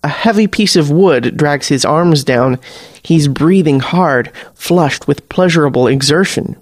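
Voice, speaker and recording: A man narrating a short story in a steady, wry storytelling voice. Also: a little high, measured pace, no room sound, studio quality. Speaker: story reader. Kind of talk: scripted narration.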